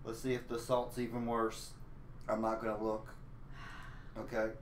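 A man's voice: on the low side, monotone, moderate pace. A man co-hosting a casual gaming video, teasing and laid-back. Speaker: co-host. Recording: roomy echo, faint noise.

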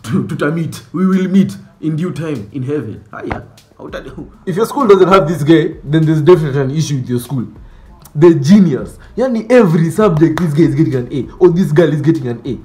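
A man doing a comic monologue about school types, animated and mock-outraged, dropping Swahili slang. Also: on the high side, a little fast, echoey room. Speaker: comedy sketch creator. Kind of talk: comedic monologue with skits.

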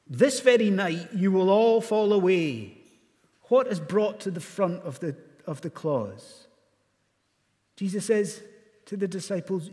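Scottish preacher, high voice, church reverb. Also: male voice, a little mellow. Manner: rhetorical questions to the congregation, rising to emphatic peaks. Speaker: pastor. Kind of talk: sermon. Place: church sanctuary.

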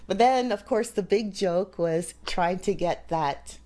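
A woman hosting a casual chat, talkative and quick to laugh. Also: medium pitch, mellow. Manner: chatty, laughs easily. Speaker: host.

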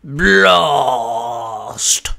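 A man voicing a big turtle creature that grunts its own name in gruff cries. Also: medium pitch, lively intonation, extremely slow, bright, forceful tone, heavily acted.

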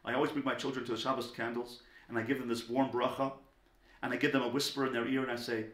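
A man giving a lecture on parenting, talking emphatically and swinging between loud stressed words and soft low asides. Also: flat delivery, fast. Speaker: parenting teacher. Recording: echoey room.

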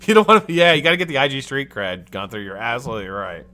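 Lively, bright-voiced American man streaming. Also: medium pitch, rapid-fire. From United States. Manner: animated, chatty, swears casually. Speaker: livestream host. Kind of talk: casual live-stream chat.

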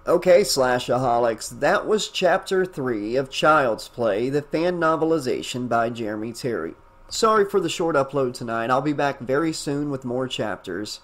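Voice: mid-range voice, expressive, normal speed. An audiobook narrator reading a fan novel aloud, who then chats enthusiastically as the channel's host. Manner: enthusiastic, chatty, with fillers in the wrap-up.

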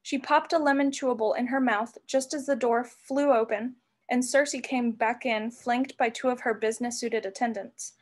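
A woman reading a novel aloud as narrator, with expressive storybook delivery. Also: on the high side, normal speed. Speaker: reader.

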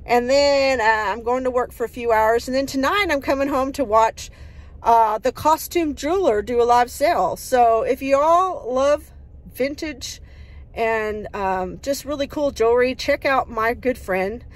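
A woman's voice: on the high side, a little slow. Upbeat folksy woman vlogging. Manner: folksy and upbeat, rambling with fillers. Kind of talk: casual chatty vlog. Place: outdoors in her yard.

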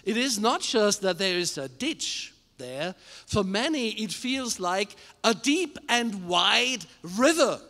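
A male pastor preaching a sermon to a live congregation, emphatic, asking the room questions and building to shouted climaxes. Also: high voice, very animated, slow. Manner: addresses the congregation directly with questions. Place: church service with a live congregation. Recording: long hall reverb in a church.

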